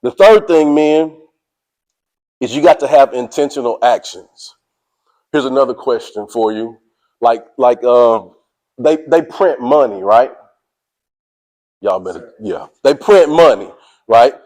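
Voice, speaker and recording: A man giving a motivational speech to a sports team, energetic and preachy, speaking in casual slang and calling out to his listeners. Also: mid-range voice, a little slow, long pauses, low-quality recording. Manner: casual slang, drawls "y'all".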